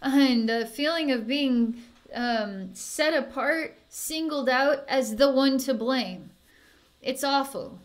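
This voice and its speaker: Slow, soothing woman psychic healer. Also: high voice. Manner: soft, slow and soothing, with sighs and small laughs. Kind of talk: guided energy healing session.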